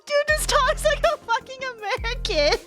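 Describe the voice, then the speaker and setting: A woman's voice: extremely high pitch, lively intonation, normal speed, bright, forceful tone, soft background music. A young woman streamer chatting casually over a game, giggling often and swearing freely. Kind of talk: casual gaming commentary.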